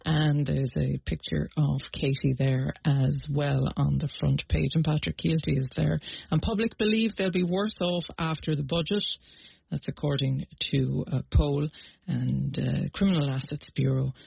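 An Irish man presenting a morning radio show in a chatty, brisk manner, reading out listener greetings and newspaper headlines. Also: fairly high pitch, fairly even intonation, creaky, a little mellow, breathy edge. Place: radio studio. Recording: muffled lo-fi broadcast sound.

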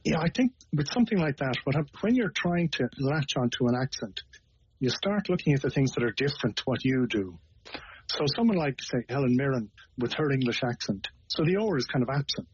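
A man with an Irish accent, a guest on a radio discussion, explaining things in a measured way with small hesitations. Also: medium pitch, animated, slight background noise. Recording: dull lo-fi radio broadcast.

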